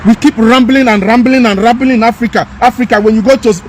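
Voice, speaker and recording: A man's voice: extremely high pitch, fairly even intonation, fast talker, hardly any pauses, a little mellow, a little hiss or hum. A man delivering an emphatic, repetitive, scolding rant as a commentator. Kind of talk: impassioned rant.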